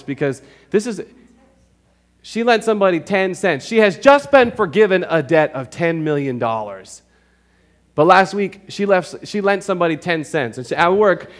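Here a pastor with a fairly high, slightly bright voice delivers a sermon to his church congregation. He speaks emphatically in a conversational way, frequently checking in with those listening.

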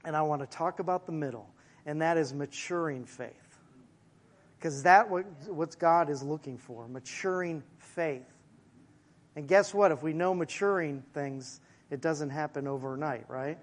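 A male pastor preaching a sermon in a conversational way, with asides to the congregation and slowing down to stress key phrases. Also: on the high side.

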